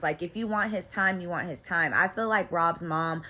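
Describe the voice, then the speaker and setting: A woman's voice: lowish voice, normal speed, few pauses, a bit bright. A woman hosting her channel, recapping a reality show in loose, slangy casual chat with lots of asides to viewers. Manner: chatty, loose slangy storytelling with frequent asides.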